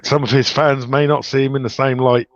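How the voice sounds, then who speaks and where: Male guest, dry lo-fi audio, measured delivery. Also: medium pitch, flat delivery, dry recording. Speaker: guest, book author and festival organiser. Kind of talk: casual interview chat. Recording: dry, dull lo-fi sound.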